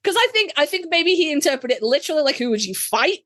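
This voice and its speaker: A British woman, a podcast guest, telling a story in casual chat, animated and swearing freely. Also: high-pitched, quick pace, dry recording. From United Kingdom.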